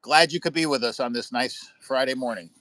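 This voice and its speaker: A man's voice: mid-range voice, brisk, a bit bright, no echo. Rambling American man hosting a live chat. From United States. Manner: rambling storyteller, swears freely. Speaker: livestream host. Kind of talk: casual chat with viewers. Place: indoors at home by a window.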